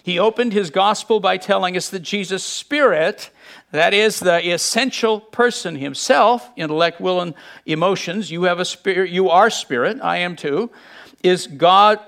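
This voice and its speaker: A man with a fairly high voice preaches a sermon. He talks to the congregation in a conversational way and acts out the voices of the people in the story with lively bursts. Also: gravelly. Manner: conversational and animated, acting out quotes.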